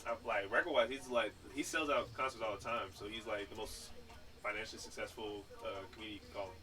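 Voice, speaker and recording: A young man co-hosting a casual podcast chat, telling stories in a rapid, animated way. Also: fairly low pitch, distant mic, faint music behind, rough recording. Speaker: podcast co-host.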